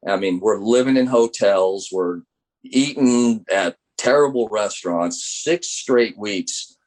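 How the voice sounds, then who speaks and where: A man's voice: fairly low pitch, slow. A middle-aged man, a college baseball coach, telling stories in an interview and acting out the voices of the people he quotes. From United States. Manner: animated storyteller acting out quoted dialogue. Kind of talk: interview storytelling.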